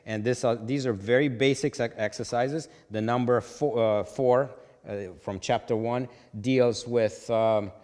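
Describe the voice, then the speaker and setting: A man's voice: medium pitch, steady tone, a little slow, hardly any pauses, a little mellow, in a large hall. A man teaching a music theory lesson, explaining patiently and checking in with "okay?" after each point.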